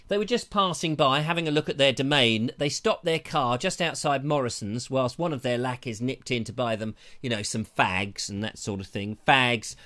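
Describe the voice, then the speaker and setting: Using a lavalier mic, a male live-show host with a mid-range, fairly bright voice rambles and jokes casually. He frequently interrupts himself as he keeps up a relaxed live-stream chat.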